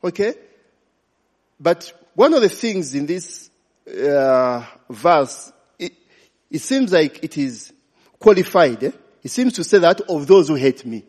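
A man's voice: fairly high pitch, big pitch swings, slow, darkish tone, husky. A man preaching a sermon, asking the congregation questions and slipping in Luganda phrases. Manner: call-and-response, asks congregation questions. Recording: long reverb of a large hall.

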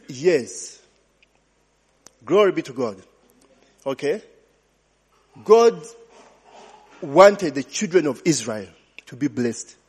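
A man's voice: mid-range voice, darkish tone, husky. A man preaching a sermon as pastor, throwing questions to the congregation and answering with hallelujah and glory be to God. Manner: call-and-response, repeating hallelujah and glory be to God. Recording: long hall reverb.

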